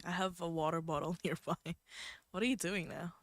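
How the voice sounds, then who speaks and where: Bright, giggly woman streamer. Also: on the low side, moderate pace, dry recording, studio quality. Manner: giggly, excitable, talks to chat. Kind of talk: game playthrough commentary.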